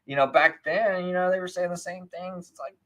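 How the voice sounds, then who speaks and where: A man's voice: high voice, fairly even intonation, a little fast, bright, forceful tone. A man hosting a live stream, ranting in a casual, sarcastic and scornful way, often slipping into mocking impressions of other people. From United States. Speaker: livestream host.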